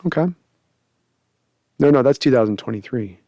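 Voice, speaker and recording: A man hosting a casual sports livestream, reading out viewer comments with animated, joking chat. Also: medium pitch, moderate pace, no echo. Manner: animated, jokey, reads chat aloud. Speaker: host.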